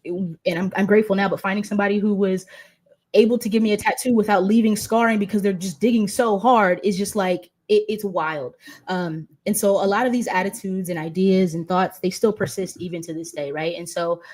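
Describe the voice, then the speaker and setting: A woman in her thirties hosts a relaxed panel talk. She speaks in a mid-range voice and keeps circling back with fillers, repeated words and restarts. The tone stays conversational throughout. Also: medium pitch, brisk. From United States. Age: 30s. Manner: talkative, many fillers and restarts. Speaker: host and patient advocate.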